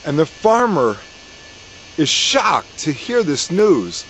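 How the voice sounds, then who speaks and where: A man telling a folk story in a relaxed, folksy way, with lots of repetition. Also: fairly high pitch, takes it slowly, a little hiss or hum, poor audio. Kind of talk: casual oral storytelling.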